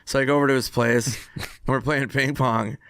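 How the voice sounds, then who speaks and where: Male storyteller, casual, profane, does the voices; bright tone, dry close mic. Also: mid-range voice, moderate pace, smooth, dry recording. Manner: animated storyteller, mimics voices in quotes, swears freely. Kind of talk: casual anecdote.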